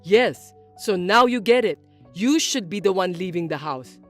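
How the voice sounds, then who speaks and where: A patient grown son, voiced by a woman, explains things in a lowered, even tone. Faint music sits underneath the story narration. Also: a little slow, lightly acted. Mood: calm. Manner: low, patient and reasoning. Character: calm grown son and husband, young man. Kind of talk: scripted story voice-acting.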